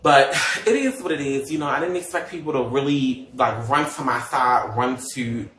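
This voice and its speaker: A man's voice: mid-range voice, normal speed, fairly bright tone, echoey room, recorded from a distance. A man chatting casually on a livestream, sassy and gossipy, with many fillers and asides.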